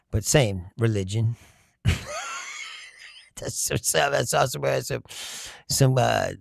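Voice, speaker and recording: A man's voice: mid-range voice, vocal fry, no echo, clean studio sound. A man hosting a casual comedic political talk, rambling and profane, breaking into laughter often. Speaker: political commentary host.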